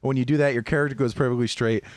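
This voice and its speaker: A man hosting a podcast, telling gaming stories in a lively way and mimicking sounds from the game. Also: mid-range voice, racing, no echo. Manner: animated storyteller, mimics game sounds and voices. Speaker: podcast host. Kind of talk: casual gaming chat.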